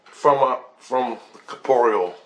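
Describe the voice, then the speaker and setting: Man, mid-range pitch, casual monologue, animated, swears now and then. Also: takes it slowly. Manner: animated, swearing, quoting others in changing voices. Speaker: vlogger sharing spiritual experiences. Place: low-income apartment.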